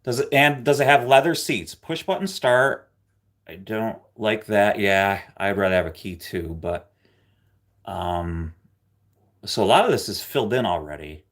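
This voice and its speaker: A man's voice: fairly low pitch, unhurried. A man hosting a live stream in casual chat, joking and teasing his viewers. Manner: joking, teasing, animated, often slips into loud playful bursts. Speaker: livestream host.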